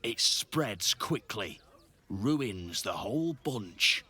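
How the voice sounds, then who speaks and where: A slow suspicious townsman. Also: on the low side, big pitch swings, sharp tone, exaggerated voice. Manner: gruff, theatrical regional lilt. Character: paranoid older male townsman, suspicious.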